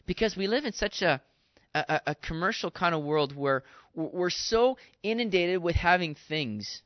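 A man's voice: sits high, animated, normal speed, dry recording. A man preaching a sermon in an earnest, exhorting way, talking straight to his listeners. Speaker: pastor. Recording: dull dry sound.

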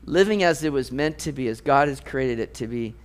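A man preaching a sermon, reading scripture and explaining it with animated, playful asides. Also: fairly quick. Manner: animated, jumps to high mock voices for jokes. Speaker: pastor.

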